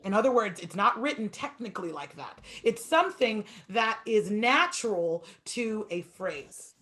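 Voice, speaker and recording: A woman piano teacher giving a masterclass, talking fast and stretching words for emphasis. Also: mid-range voice, lively intonation, a bit bright.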